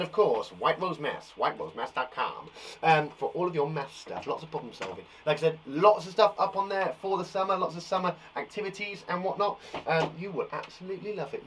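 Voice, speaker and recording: Man, young children's teacher, playful, encouraging, sing-song lively voice. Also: sits high, slight background noise. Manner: upbeat and playful, sings and jokes. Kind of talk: online phonics lesson for young children.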